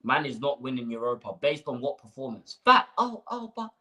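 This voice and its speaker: Animated ranting man. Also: mid-range voice, brisk, low-quality recording. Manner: animated, ranting, rhetorical questions, slangy. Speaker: fan channel host. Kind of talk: live-stream fan rant.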